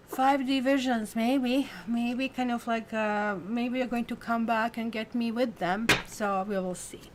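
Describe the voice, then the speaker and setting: A woman's voice: fairly high pitch, measured pace, few pauses, slight background noise. A woman giving a casual weekly tarot reading, chatty and full of fillers, who stops to coo at her cat. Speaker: tarot reader.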